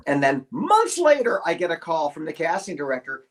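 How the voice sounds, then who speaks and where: A man, a voice actor, telling a lively anecdote on a video call, with many stammering restarts and acted-out quotes. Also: a little high, brisk, hardly any pauses. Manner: animated storyteller, stammering restarts, acts out quotes. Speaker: voice actor guest.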